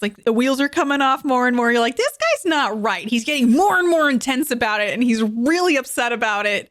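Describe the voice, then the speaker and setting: A young woman hosting a podcast, retelling a movie's plot in a casual, animated way and laughing often. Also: on the high side. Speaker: podcast host.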